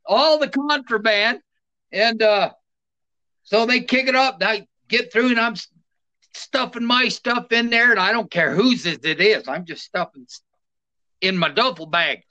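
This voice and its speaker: A man's voice: high voice, a little slow, highs cut off. A middle-aged man, a retired soldier, telling plainspoken stories in a casual interview. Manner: animated, plainspoken anecdotes with laughs. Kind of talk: casual storytelling.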